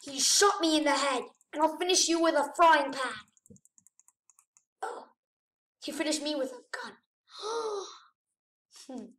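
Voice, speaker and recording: A high-pitched woman narrates her gameplay with excited gasps and exclamations. Her voice rings in an echoey room, picked up from a mic set some distance away. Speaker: gamer. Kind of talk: gameplay commentary.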